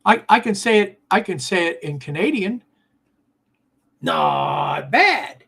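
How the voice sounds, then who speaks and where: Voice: mid-range voice, animated, a little fast, a bit bright, husky. An older host of a live model train show, chatting casually and reacting to viewer comments with frequent laughs. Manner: easygoing, laughs often while talking.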